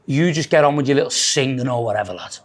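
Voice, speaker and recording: A young man, co-hosting a podcast, telling a story in a casual and animated way, swearing and acting out what others said. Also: medium pitch, quick pace. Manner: animated, sweary storytelling, acts out quoted voices, says "lad" a lot. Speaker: podcast co-host.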